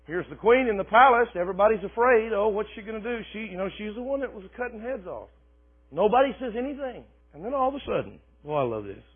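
A man preaching a sermon, lively and dramatic, shifting between quiet asides and loud shouting. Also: high-pitched, quick pace. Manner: animated preaching, swings from soft asides to shouting, laughs often. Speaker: pastor. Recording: phone-like, thin and husky.

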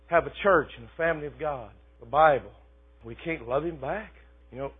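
A man preaching a sermon, swinging between loud shouted bursts and quiet, low talk. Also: slightly rough. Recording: tinny phone-like sound.

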